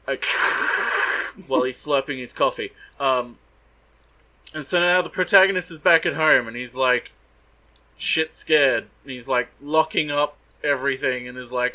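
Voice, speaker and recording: Podcast co-host, man, bright tone, dry mocking recap style. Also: mid-range voice, measured pace, poor audio. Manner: sardonic, swears, mock-voices characters. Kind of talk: casual recap chat.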